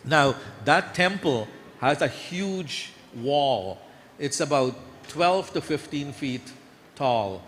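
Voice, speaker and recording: A man giving a storytelling sermon at a temple, lively as he acts out the scenes. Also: on the high side, takes it slowly. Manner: lively storyteller, voice climbs when acting out scenes. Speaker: temple speaker telling devotional stories. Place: temple hall. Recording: echoey hall with faint background noise.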